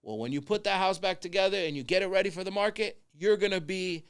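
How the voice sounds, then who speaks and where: A man, a construction consultant chatting as a podcast guest, telling animated stories and acting out the people in them. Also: sits high, fast, clean tone. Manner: animated storyteller, acts out quoted people. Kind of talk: casual conversation.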